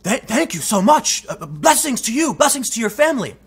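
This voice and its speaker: A man's voice: very high voice, sing-song, brisk, husky, pitched above the performer's own voice, full character voice. A man voicing a grateful male cab driver who gushes thanks and repeats himself.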